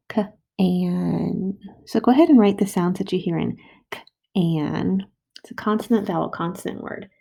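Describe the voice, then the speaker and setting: Patient female primary teacher for a recorded writing lesson at home; warm low-key delivery with some vocal fry. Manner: slow, patient, sounding out words. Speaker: first grade teacher. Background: dog barking.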